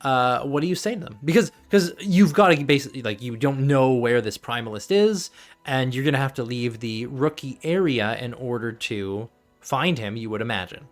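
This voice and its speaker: A man acting as game master of a tabletop game, rambling with many fillers and quick laughs. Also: mid-range voice, lively intonation, soft background music.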